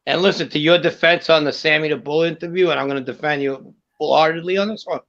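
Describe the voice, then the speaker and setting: A man's voice: fairly high pitch, steady tone, fast, creaky, a bit bright. A man telling profane stories in a casual online chat, stumbling over restarts. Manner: profane storyteller with many restarts. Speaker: guest. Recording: dull lo-fi audio.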